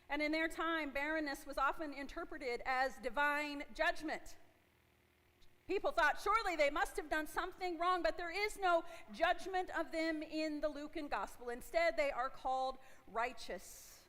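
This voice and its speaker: A woman's voice: high voice, a bit bright. A woman in her forties, a pastor giving a conversational sermon and asking her congregation questions. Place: church sanctuary. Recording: long hall reverb from a church.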